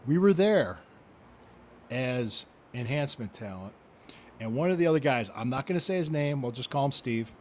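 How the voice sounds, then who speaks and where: Animated man telling a story. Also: mid-range voice, moderate pace, slight background noise. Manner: animated, laughing, repeats himself. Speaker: podcast host, former wrestler. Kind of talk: casual storytelling chat.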